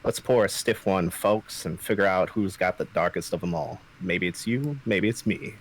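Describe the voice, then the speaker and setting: A man's voice: deep voice, normal speed, poor audio. A man playing a world-weary saloon bartender in a drawling, folksy Western manner. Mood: gloomy. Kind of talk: improvised role-play.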